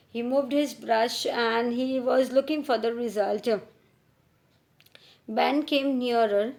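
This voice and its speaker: A woman teacher with an Indian English accent and a slightly high voice reads a story from a school textbook. After each line she stops and explains it again in plainer words, often beginning with "see". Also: darkish tone. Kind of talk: reading and explaining a textbook chapter.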